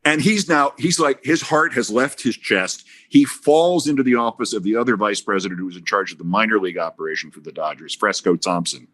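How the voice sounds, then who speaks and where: A man's voice: on the low side, fairly quick, a bit bright. A man guesting on a podcast, telling anecdotes with big swings in his voice and acted-out quotes. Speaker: guest broadcaster.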